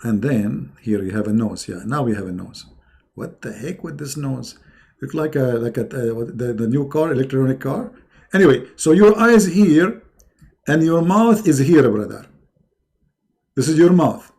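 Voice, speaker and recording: A man hosting a livestream, talking casually with a mocking, sarcastic, animated manner. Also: medium pitch, moderate pace. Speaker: livestream host.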